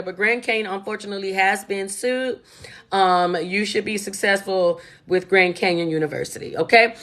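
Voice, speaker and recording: A woman's voice: mid-range voice, a bit bright. A woman, hosting a casual live stream and chatting directly with viewers. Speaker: host answering viewer questions.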